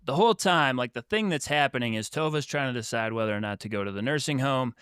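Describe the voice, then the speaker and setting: A man's voice: mid-range voice, fast talker, smooth, no echo, studio quality. A man co-hosting a book podcast, animatedly retelling a story and acting out what characters say. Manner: animated retelling with quoted voices. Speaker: podcast co-host. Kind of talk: casual book discussion.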